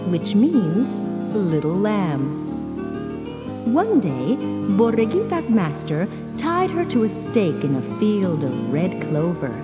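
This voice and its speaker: Unhurried woman reading a storybook aloud. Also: medium pitch, wildly swooping pitch, loud music behind the voice.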